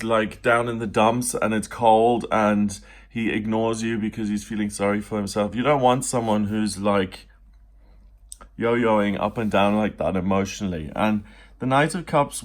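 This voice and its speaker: A man giving a daily tarot reading in a chatty, animated way, now and then putting on little voices for the figures in the cards. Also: fairly low pitch. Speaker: tarot reader. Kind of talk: casual spoken tarot reading.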